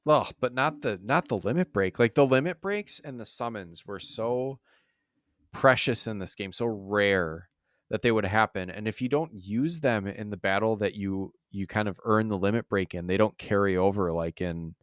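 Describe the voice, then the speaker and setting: A man with a low, smooth, resonant voice talks in a loose, rambling way, full of fillers and the odd curse. The sound is dry and close to the mic, with no room around it. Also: moderate pace, no room sound. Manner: rambling, swears freely, many fillers. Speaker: podcast co-host. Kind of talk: casual chat.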